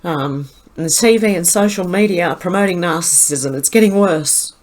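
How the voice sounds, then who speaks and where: An Australian woman with a slightly low voice talks through online posts in a casual, opinionated commentary. She is scornful and chatty, and she stops often to restart a thought or fill a pause with an um. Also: a little mellow. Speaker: commentary vlogger.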